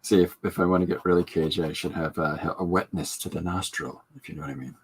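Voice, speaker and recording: A man's voice: sits low, steady tone, quick pace, slightly rough. A man hosting a live stream, chatting loosely as he demonstrates comic inking and coloring, rambling and joking with many fillers. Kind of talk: casual live drawing demonstration.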